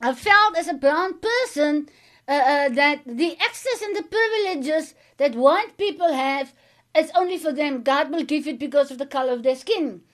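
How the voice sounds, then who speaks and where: A middle-aged woman with a South African accent, her voice pitched very high. She speaks as a guest in a faith chat, in an earnest, emphatic way that circles back on her own phrases. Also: animated, moderate pace. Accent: South African, Afrikaans-tinged.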